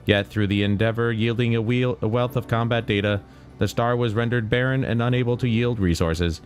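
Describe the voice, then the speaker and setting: A man voicing a male combat robot soldier in a mechanical monotone while reading game dialogue aloud. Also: medium pitch, brisk, soft background music, lightly acted. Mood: robotic.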